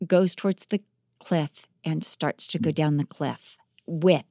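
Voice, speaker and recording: A woman's voice: low-pitched, slow pace, no room sound. Woman telling a dramatic story, dry sound. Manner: lively, dramatic retelling with quoted voices. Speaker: podcast host telling a life story. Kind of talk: animated storytelling.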